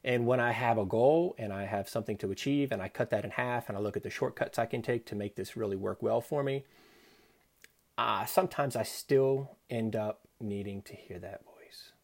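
A man giving an earnest, reflective devotional talk and softly quoting God's words. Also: lowish voice, moderate pace, vocal fry. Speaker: Christian speaker.

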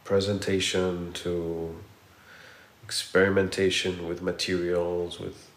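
A man's voice: sits low, little pitch movement, slow pace. A middle-aged man, an architect guest, chatting animatedly with frequent restarts. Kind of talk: casual conversational interview. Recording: roomy echo.

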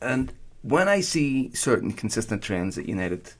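A man's voice: mid-range voice, big pitch swings, measured pace. A man hosts a football podcast from a home microphone. He talks in loose, teasing banter with his co-host and keeps the show moving along. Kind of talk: casual football podcast chat. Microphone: home podcast microphone with earphones.

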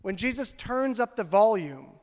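High-voiced pastor preaching in a reverberant hall. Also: male voice, expressive, normal speed. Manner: conversational, peppered with "like", building to loud fervor. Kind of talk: sermon. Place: church sanctuary. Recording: long reverb of a church hall.

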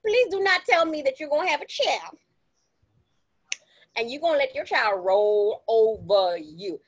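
Lively high-voiced woman podcaster. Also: measured pace. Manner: animated storytelling, acts out quotes in exaggerated voices; blunt and emphatic, laughs often. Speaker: podcast co-host. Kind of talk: casual chat.

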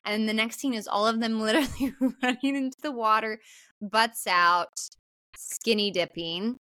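A woman co-hosting a casual podcast and recapping a film in detail. She is animated, laughs easily and acts out bits of dialogue as she tells the story. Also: fairly high pitch, moderate pace, no echo. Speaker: podcast co-host.

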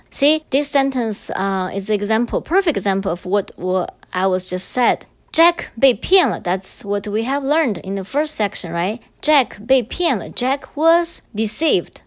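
A woman's voice: a little high, no echo. A woman teacher explaining grammar patiently in a recorded language lesson, moving between English and Chinese.

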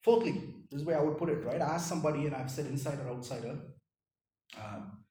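A man preaching a sermon, swinging from loud impassioned rises to hushed near-whispers, often asking "right?" and calling listeners "my friend". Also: a little high, fairly quick, roomy sound, distant mic, a little hiss or hum, poor audio. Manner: peppers points with "right?" and "my friend".

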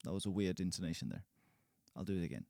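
A man teaching a language lesson, saying example sentences loud and high and his asides low and quick. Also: expressive, gravelly, no echo, clean studio sound.

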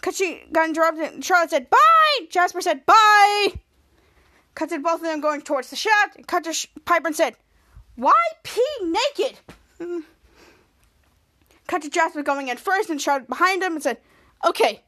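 A woman podcast host recapping a TV episode scene by scene in a choppy, stop-start way, jumping louder and higher to act out the characters' lines. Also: fairly quick.

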